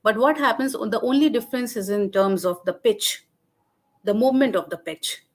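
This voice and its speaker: A woman giving an academic webinar lecture over a video call. She talks haltingly, with many fillers and restarts. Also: on the high side. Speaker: guest lecturer.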